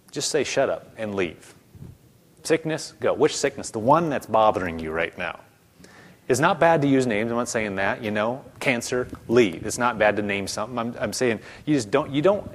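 A man preaching a sermon in a conversational way, stumbling over repeated words and acting out quoted voices. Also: mid-range voice. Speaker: pastor.

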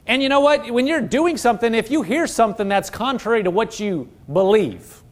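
A man with a notably high-pitched voice delivers a conversational Bible teaching. He is earnest and keeps pressing listeners with rhetorical questions. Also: lively intonation, fairly quick. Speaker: preacher.

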